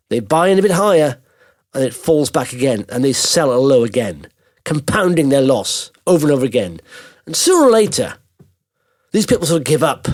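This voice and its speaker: Lively, animated man hosting a podcast. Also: mid-range voice. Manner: animated, emphatic, rhetorical questions. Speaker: podcast host. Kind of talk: casual monologue on investing.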